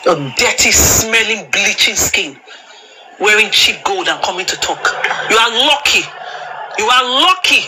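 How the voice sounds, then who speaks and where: This panel speaker's live-stream rant is furious and insulting, delivered over a phone mic with stammering and repetition. Her medium-pitched voice is animated yet unhurried, and there's noise in the background.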